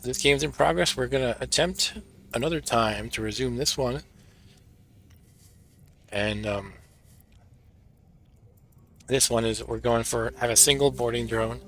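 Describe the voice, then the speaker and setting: A man's voice: medium pitch, normal speed, long pauses, pushed and bright, soft background music. A man hosting a live gaming stream, chatting casually and narrating each step as he sets up and plays. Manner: chatty, narrates his own setup steps. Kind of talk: casual gameplay commentary.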